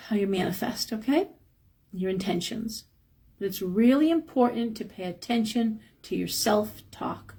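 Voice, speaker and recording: Her mellow, slightly rough voice carries vocal fry as this middle-aged woman chats frankly about spiritual matters on a casual live stream. She reads chat, sounds a little worn out, and voices quotes in a higher pitch.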